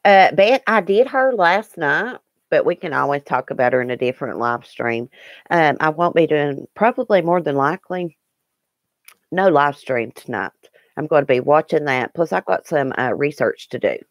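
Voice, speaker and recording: A woman's voice: low-pitched, animated, normal speed, no echo, clean studio sound. Chatty woman streaming live. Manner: chatty and earnest, with frequent ums and restarts. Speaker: YouTube live-stream host. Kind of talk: casual live-stream chat, answering viewer comments.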